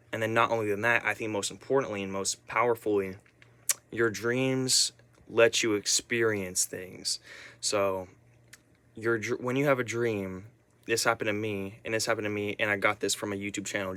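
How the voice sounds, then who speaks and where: A man's voice: lowish voice, sharp tone, dry recording. A young man rambling intensely in a casual vlog, swearing often and restarting his sentences. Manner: intense, profane, restless, many restarts. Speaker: vlogger.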